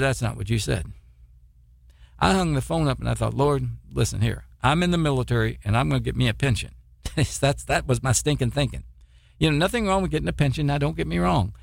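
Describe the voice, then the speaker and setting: A man's voice: fairly high pitch, gravelly, dry recording, clean studio sound. A middle-aged man preaching a sermon in a folksy way, with stammering restarts and many repetitions. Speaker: preacher, former military missionary.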